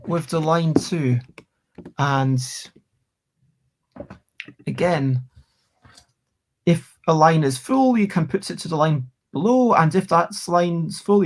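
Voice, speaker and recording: A streamer chatting at home while playing a word game live, breaking into excited outbursts and thanking viewers. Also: mid-range voice.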